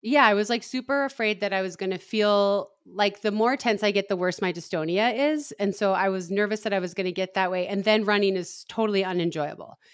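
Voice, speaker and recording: Animated woman telling a story, dry sound. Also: brisk, hardly any pauses, dry recording. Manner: animated storytelling, acting out quotes in a high voice. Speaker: podcast co-host. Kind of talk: casual chat.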